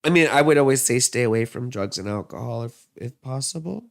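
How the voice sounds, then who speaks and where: A man's voice: medium pitch, expressive, fairly quick, creaky, hardly any pauses, no room sound, clean studio sound. A man in his thirties giving a casual, rambling astrology and tarot reading, full of asides and fillers.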